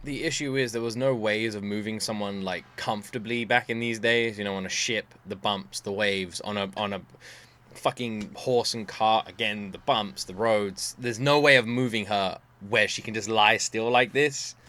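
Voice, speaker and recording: A man's voice: on the low side, steady tone, moderate pace, pushed and bright. A man, telling stories animatedly and swearing freely as he hosts a casual reaction video.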